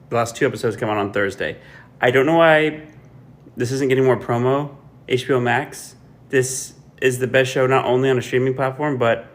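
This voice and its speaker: Brief: man, medium pitch, pushy and excited recommending something. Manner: emphatic, insistent hype. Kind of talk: enthusiastic recommendation to camera.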